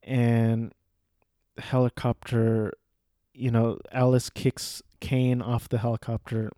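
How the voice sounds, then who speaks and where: A man's voice: medium pitch, flat delivery, slow pace, dark tone, dry recording, clean studio sound. A man casually recapping a movie plot, rambling with fillers and self-corrections. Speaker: movie reviewer.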